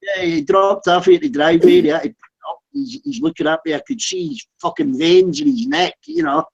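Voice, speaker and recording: A man's voice: extremely high pitch, very animated, a little fast, gravelly, slightly rough. A man telling a rude, swearing story in casual chat, laughing often. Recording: dull lo-fi sound.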